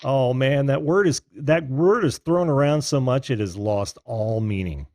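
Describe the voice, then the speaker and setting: A man's voice: medium pitch, animated, a little slow, darkish tone, dry recording. A man hosting a call-in show in a casual, friendly way, laughing often and talking with many fillers. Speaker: host.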